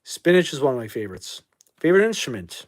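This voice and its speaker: A man's voice: mid-range voice, very animated. Blunt rambling man hosting a livestream. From New England. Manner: blunt, rambling, quick to kick out trolls. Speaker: livestream host. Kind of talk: casual livestream chat reading viewer comments.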